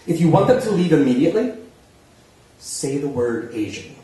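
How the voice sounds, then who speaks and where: High-pitched man, self-mocking live storyteller, echoey theater, distant mic. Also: big pitch swings, moderate pace, dark tone. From New Jersey. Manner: chatty, self-mocking, laughing through the story. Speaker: storyteller on stage. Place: small theater stage before an audience. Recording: echoey room, voice from far off.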